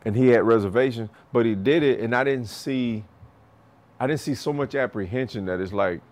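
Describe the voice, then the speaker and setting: Speaking at normal speed in a mid-range voice, this boxing coach chats about his students in storytelling podcast style. Lots of laughter, free swearing, imitated lines from others, and loose restarts keep it animated.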